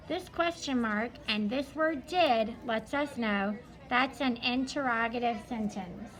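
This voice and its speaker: High-voiced woman teacher explaining patiently. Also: measured pace, a bit bright, faint music behind, poor audio. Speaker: elementary school teacher. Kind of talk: reviewing a study guide.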